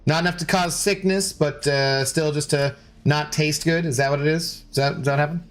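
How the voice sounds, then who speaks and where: A man's voice: a little high, steady tone, normal speed. A man streaming a video game, chatting casually with his chat, reading messages aloud and cursing at his own mistakes. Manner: chatty, reads chat aloud, swears when losing. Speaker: gaming streamer. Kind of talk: casual live-stream commentary.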